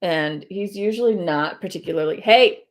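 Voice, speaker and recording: Chatty woman with a lowish voice. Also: lively intonation, unhurried, gravelly. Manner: chatty and rambling, many fillers and self-corrections. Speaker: host of a cross-stitch video channel. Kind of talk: casual live-stream chat while stitching. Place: at home.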